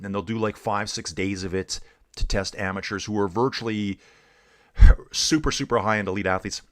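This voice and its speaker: Laid-back low-voiced guy calling a race. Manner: laid-back, calls viewers dude and guys. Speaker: streamer and cycling commentator. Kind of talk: casual live race commentary while reading chat.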